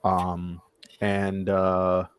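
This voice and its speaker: A man's voice: deep voice, completely flat delivery, extremely slow, smooth, no echo. A man hosting a casual chat, laid-back and hesitant, wrapping up with plenty of fillers. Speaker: host.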